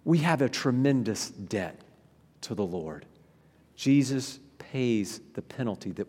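A man preaching a sermon to a congregation, animated, with frequent restarts, swinging from loud emphasis to quiet, soft passages. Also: mid-range voice, takes it slowly, husky, long reverb tail. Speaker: pastor.

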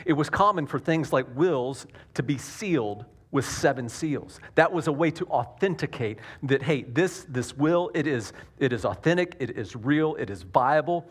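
Joking Southern pastor preaching. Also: male voice, a little high, animated, moderate pace, hardly any pauses, breathy edge. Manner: earnest, self-deprecating, restarts often. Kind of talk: sermon with jokes.

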